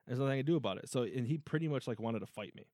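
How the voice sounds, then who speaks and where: A man's voice: medium pitch, lively intonation, racing, a little mellow, no room sound, studio quality. A man co-hosting a podcast, telling a story in casual chat, swearing and laughing as he goes. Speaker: podcast co-host.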